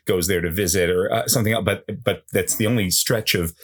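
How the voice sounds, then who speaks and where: A man's voice: deep voice, brisk. A man in a casual podcast chat, describing film scenes in admiring detail and laughing now and then.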